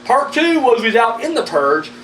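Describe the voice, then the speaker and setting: A man's voice: very high-pitched, sing-song, moderate pace, fairly bright tone. A man giving casual, rambling horror movie news commentary, blunt and full of profanity. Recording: echoey room, mic at a distance, faint background noise.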